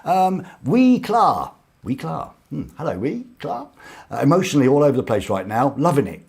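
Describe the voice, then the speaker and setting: Jokey man hosting a lively stream. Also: on the high side, a little fast, gravelly, breathy edge. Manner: jokey, rambling, cheeky asides. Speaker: live show host. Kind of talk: casual live-stream chat, reading viewer comments. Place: small studio.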